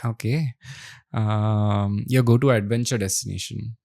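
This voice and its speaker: A man with an Indian English accent hosting a podcast, asking quick quiz questions and giving short, upbeat reactions. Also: fairly low pitch, fairly even intonation, creaky, darkish tone, no echo, clean studio sound. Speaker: podcast host. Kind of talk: casual podcast interview.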